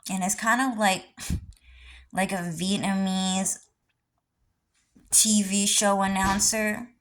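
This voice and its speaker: Slow-talking woman lecturing insistently. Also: mid-range voice, fairly even intonation, slight background noise, rough recording. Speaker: vlogger. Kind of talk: rambling personal vlog monologue.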